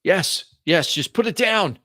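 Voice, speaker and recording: A man's voice: animated, unhurried, fairly bright tone, no room sound, studio quality. A man voicing a scheming old man who talks through a robot's speakers, wheedling and stammering. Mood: frantic. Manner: wheedling, stammering, then shrill and frantic. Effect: speaker-amplified mech voice.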